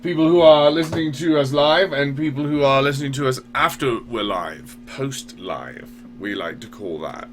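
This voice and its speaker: A man's voice: mid-range voice, expressive, normal speed, few pauses. A man hosting a casual online radio show, rambling loosely and swearing now and then. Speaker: podcast host. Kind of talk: casual talk radio chat.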